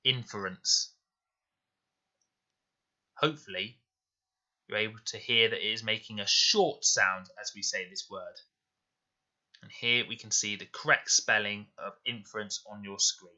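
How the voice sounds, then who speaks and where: Bright, clear-spoken male teacher. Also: fairly low pitch, muffled recording. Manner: slow, clear, deliberate explanations. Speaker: primary school teacher. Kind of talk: recorded spelling lesson. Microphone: voice-over to slides.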